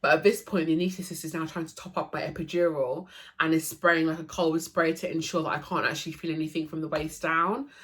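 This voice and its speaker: A woman's voice: low-pitched, steady tone, fast, fairly bright tone. A young woman tells her birth story to camera in an emotional, chatty way, full of fillers and restarts. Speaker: vlogger.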